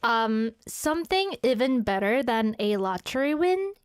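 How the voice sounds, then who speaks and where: Giggly woman on radio, slow. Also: on the high side, big pitch swings, smooth. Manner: giggly, easygoing. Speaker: radio co-host. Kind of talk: casual radio chat. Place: radio studio.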